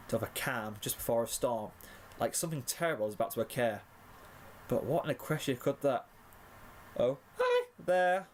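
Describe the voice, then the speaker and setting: A man's voice: medium pitch, a little hiss or hum. A man narrating a second-person fanfiction story in a mock-dramatic way. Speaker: fanfiction reader.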